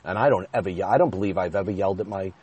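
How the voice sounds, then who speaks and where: A man's voice: low-pitched, rapid-fire, darkish tone, slightly rough, muffled recording. A man in his thirties telling a personal story in a candid, confessional way, rambling at times.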